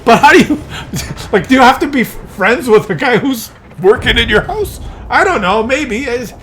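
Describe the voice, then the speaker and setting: A man vlogging, telling a comic story to camera in an exasperated, animated way with many restarts. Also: very high voice, unhurried, a little hiss or hum.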